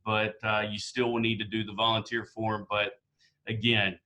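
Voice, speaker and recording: A man opening a club meeting with earnest remarks, slowing down to stress key phrases. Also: lowish voice, little pitch movement, pushed and bright, rough recording. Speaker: club president. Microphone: video call.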